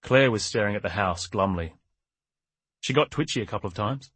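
A male audiobook narrator with a low, husky voice reads scripted narration in a dry recording. His storytelling is steady and measured.

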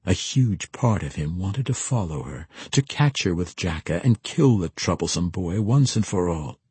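Male narrator, audiobook, steady measured delivery, husky voice, low pitch, dry close sound. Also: dry recording.

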